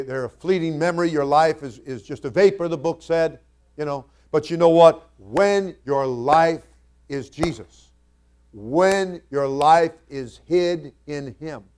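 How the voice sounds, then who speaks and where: A man, the senior pastor, preaching a sermon that moves from quiet, conversational asides to loud, emphatic scripture readings in King James wording. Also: fairly high pitch.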